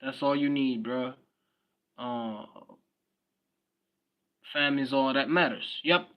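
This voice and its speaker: A young South African man with a Swati background talks casually to his stream at a middle pitch. He is blunt and slangy, and he circles back over his own phrases as he answers comments. The sound is dull and lo-fi. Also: takes it slowly. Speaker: livestreamer. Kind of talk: casual livestream chat.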